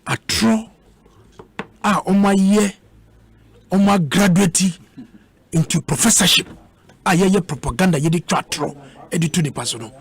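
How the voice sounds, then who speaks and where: A man's voice: high voice, unhurried, pauses often, breathy edge. A man with a Ghanaian accent, arguing heatedly as a guest in a radio debate, combative and repeating words for emphasis.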